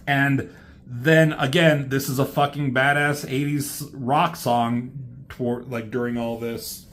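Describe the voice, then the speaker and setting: A man casually retelling a comic book story as a reviewer, loose and rambling, swearing freely along the way. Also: medium pitch.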